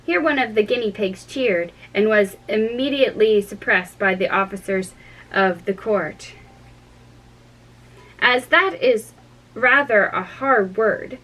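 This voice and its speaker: A woman reading a storybook aloud in a measured, explaining manner. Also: medium pitch, a bit bright, recorded from a distance, poor audio. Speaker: reader.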